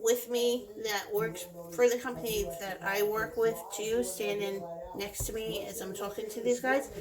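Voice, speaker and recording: Middle-aged woman, construction field manager, blunt and direct, slightly high voice, crowd chatter behind. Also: fairly even intonation, normal speed, low-quality recording. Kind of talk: casual vlog chat.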